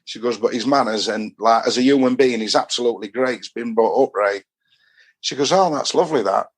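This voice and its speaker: A talkative Yorkshire man in a casual podcast chat, spinning one rambling anecdote into the next. His voice sits at an ordinary middle pitch, and he slips into the voices of the people he quotes as he goes. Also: fairly even intonation, fairly quick. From Doncaster, England. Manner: rambling storyteller who acts out quoted dialogue. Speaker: football fan guest.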